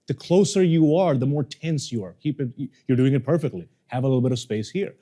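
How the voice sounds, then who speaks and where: Man, workshop coach, playful and animated, addressing a room full of people. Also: mid-range voice, fairly quick. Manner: animated, playful, jokes with audience. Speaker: communication coach. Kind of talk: live workshop teaching. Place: seminar room with audience.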